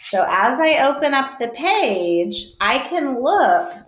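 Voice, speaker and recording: A woman's voice: high voice, very animated, slow, fairly bright tone, roomy sound, dull audio. A woman teacher giving a recorded reading lesson to young children, explaining patiently step by step.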